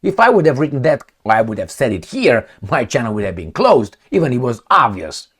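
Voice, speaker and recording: Guy ranting on his own vlog, blunt and sweary, voice bouncing all over, does little boom and kick noises with his mouth. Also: fairly quick, slightly rough. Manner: blunt and profane, mimics gunfire and kicks with mouth sounds; animated, emphatic, repeats words for stress. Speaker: channel host. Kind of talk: opinionated political commentary vlog.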